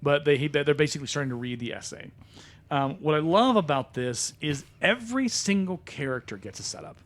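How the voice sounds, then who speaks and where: A man hosts a studio podcast in casual, chatty fashion, recapping scenes with plenty of ums. His voice sits slightly high for a man and swings widely in pitch as he talks. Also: animated, fairly quick, fairly bright tone. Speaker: podcast host. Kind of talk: casual chat about movies.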